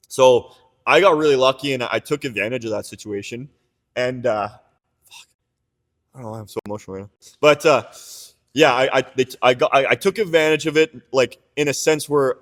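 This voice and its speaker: Candid young man in reverberant room. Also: medium pitch. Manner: rambling, many "like"s and restarts, candid, swears. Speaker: business owner telling his story. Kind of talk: casual podcast chat.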